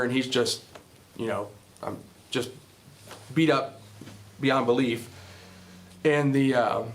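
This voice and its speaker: Speaking to a Bible class, a man with a medium, slightly bright voice retells a film scene to draw a moral. His telling is casual and rambling, full of fillers and restarts.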